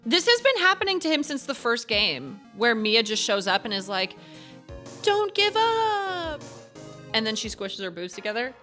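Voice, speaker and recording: A woman's voice: fairly high pitch, lively intonation, fairly quick, few pauses, bright, forceful tone, faint music behind. A young woman streaming a game, chatting casually and giggling with her viewers. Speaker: gaming streamer.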